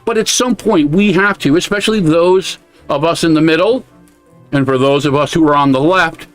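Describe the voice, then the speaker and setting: A man's voice: fairly high pitch, normal speed, soft background music. An American man co-hosting a podcast, giving blunt, casual commentary with a lot of swearing. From United States. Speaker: podcast co-host.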